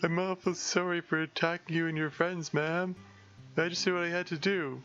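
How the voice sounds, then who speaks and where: Soft-hearted monster guard, meek and apologetic, higher bright voice, as a man puts him on; dull stream audio. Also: flat delivery, normal speed, soft background music, natural voice. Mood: earnest. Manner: meek, pleading, over-apologetic. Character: timid apologetic monster cave guard, gentle male.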